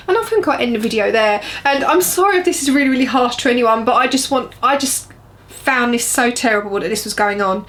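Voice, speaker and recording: A woman's voice: fairly high pitch, brisk, a bit bright. A woman vlogging to camera in an emotional rant, earnest and repeating words for emphasis. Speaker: beauty vlogger.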